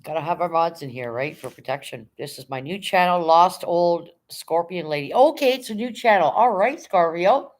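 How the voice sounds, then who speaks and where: A middle-aged woman hosting a casual livestream, with a fairly low voice. She reads viewer comments aloud and greets people one by one in a chatty, unhurried way. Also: lively intonation. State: emotional, near tears when talking about her late dog. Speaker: livestream host reading chat.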